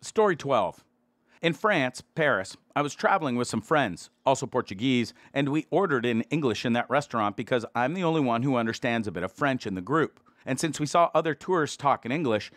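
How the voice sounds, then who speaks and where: A man reading out internet stories in scripted narration, in a lively storytelling manner. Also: mid-range voice, no echo, clean studio sound.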